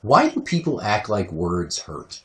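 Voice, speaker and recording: A man co-hosting a casual podcast chat, talking loudly by nature and ranting with lots of swearing. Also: lowish voice, wildly swooping pitch, a little slow. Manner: loud natural speaking voice; profane, ranting storyteller. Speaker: podcast co-host.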